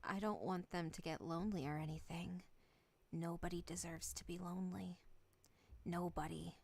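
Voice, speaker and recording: A woman's voice: fairly even intonation, normal speed. Woman doing a creepy, devoted shy schoolgirl. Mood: eerie devoted. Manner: soft, low, breathy and creepily devoted. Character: obsessive, shy teenage girl, unsettlingly intense. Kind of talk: reading game dialogue aloud. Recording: faint background music.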